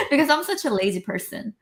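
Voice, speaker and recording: Giggly woman, lively pitch. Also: a little hiss or hum. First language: Korean. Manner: giggly, laughs often. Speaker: guest. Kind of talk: casual live-stream chat. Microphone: video call.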